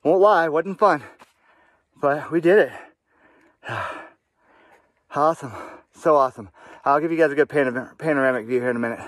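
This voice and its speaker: Hiking outdoors on a mountain trail, this man vlogs casually in a medium-pitched voice, speaking a little fast but with long pauses and sounding out of breath. Chatty and full of fillers, he calls his viewers "guys"; the recording is dry.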